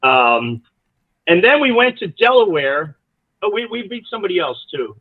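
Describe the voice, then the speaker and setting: Telling rambling, aside-filled stories with lots of energy, this college soccer coach is a guest on a podcast interview. He has a high voice and a moderate pace, captured in a dry recording over a tinny, phone-like line.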